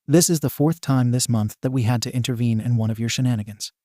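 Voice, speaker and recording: Figure: weary stern male detective, voiced by a man. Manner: exasperated. Tone: dark, mellow. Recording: dry. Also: medium pitch, quick pace, no echo, close to an everyday voice.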